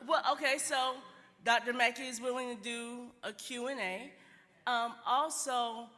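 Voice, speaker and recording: A woman emceeing a conference, making unhurried announcements with frequent ums. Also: a little high, steady tone, sharp tone. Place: large conference hall. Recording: echoey hall with long reverb.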